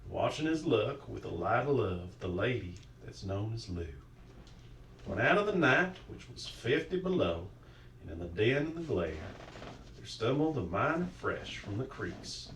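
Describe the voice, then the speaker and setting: A man's voice: medium pitch, a little hiss or hum. A man putting on a Southern cowboy drawl to read a frontier ballad aloud as a dramatic poetry reading. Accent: put-on American Southern drawl. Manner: slow drawling storytelling. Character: gruff old frontier cowboy storyteller, male. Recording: roomy, distant mic.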